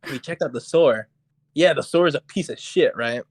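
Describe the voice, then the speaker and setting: A young man co-hosting a podcast, telling a story in a casual, animated, profane way and acting out what people said. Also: medium pitch, moderate pace, husky, dry recording. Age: young adult. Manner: animated, profane, acts out quotes. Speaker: podcast co-host. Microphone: podcast mic on voice chat.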